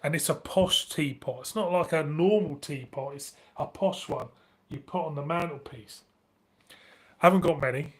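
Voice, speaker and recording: A man's voice: fairly high pitch, moderate pace. Chatty northern English man, laughing often. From northern England. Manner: chatty, laughs a lot, swears casually. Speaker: beer review channel host. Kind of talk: casual live-stream chat.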